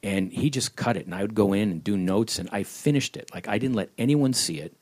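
A man's voice: on the low side, fairly quick, darkish tone. A man who creates comedy shows tells wry, rambling stories during an audience Q&A at a live panel event. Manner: wry, rambling storyteller who slips into voices.

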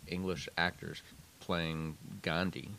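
Deep-voiced moderator from Montreal. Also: male voice, flat delivery, vocal fry, sharp tone, a little hiss or hum. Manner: measured, thoughtful questions with pauses. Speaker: panel moderator. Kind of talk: interviewing at a live panel. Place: live event with an audience.

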